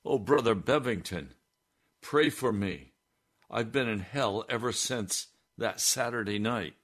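A man preaching plays a desperate grown man who shouts and pleads for mercy in a much higher, louder voice. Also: expressive, measured pace. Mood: pleading.

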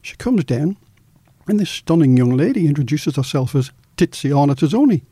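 Middle-aged male journalist storyteller, animated, dry close sound. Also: a little high, moderate pace, breathy edge, no room sound. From Australia. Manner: animated storyteller, acts out quoted dialogue. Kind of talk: storytelling in an interview.

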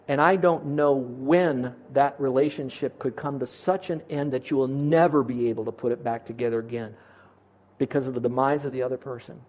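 A man's voice: medium pitch, a little mellow, muffled recording. A man preaching a sermon as pastor in a church, earnest and pleading with his listeners.

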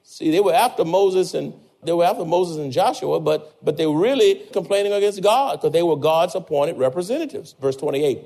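An older man preaches in a high, bright register. He repeats words and pushes his emphasis upward as he makes each point. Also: brisk, gravelly, hardly any pauses. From Louisiana. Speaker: pastor. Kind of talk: sermon.

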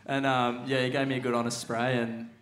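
A man's voice: medium pitch, level tone, brisk, fairly bright tone. A young Australian man, a surfer guest, telling stories in a laid-back way with frequent laughs. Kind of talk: casual podcast chat.

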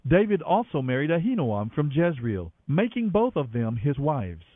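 A man with a fairly high voice reads scripture in a steady, measured way. His voice comes through a narrow, phone-like radio line that sounds dry and close. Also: no echo. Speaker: Bible reader on radio. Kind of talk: scripture reading.

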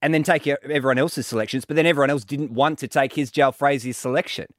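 A man hosting a radio show, bantering with mock outrage and deadpan wisecracks into a studio mic. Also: mid-range voice, fast talker, no room sound. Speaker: radio host.

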